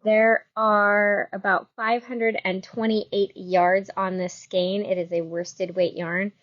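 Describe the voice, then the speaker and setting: A woman hosts a yarn shop's live stream, talking through products in a chatty, rambling way full of quick asides. Her voice sits at a middle pitch, and the audio is a little dull. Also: level tone, fairly bright tone. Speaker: yarn shop live show host. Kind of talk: casual chat with product demo.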